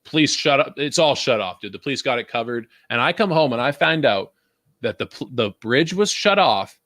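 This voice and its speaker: A mid-range male voice at normal speed belongs to a young Vancouver podcast co-host who rants, swears and laughs in a lively, casual show. The studio sound is clean with no echo.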